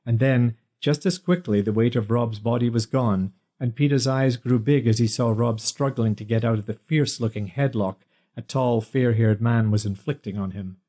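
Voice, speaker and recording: A man reading an audiobook in scripted narration, measured and plain. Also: mid-range voice, mellow.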